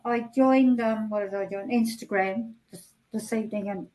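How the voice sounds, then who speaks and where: Woman participant on a video call, warm and affectionate, halting with fillers. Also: medium pitch, fairly even intonation, rough recording. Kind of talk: casual group chat.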